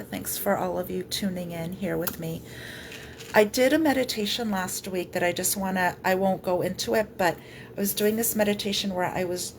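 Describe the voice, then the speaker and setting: A woman energy healer gently guiding viewers through a live-streamed clearing session, speaking softly with slow pauses. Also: mid-range voice, slight background noise.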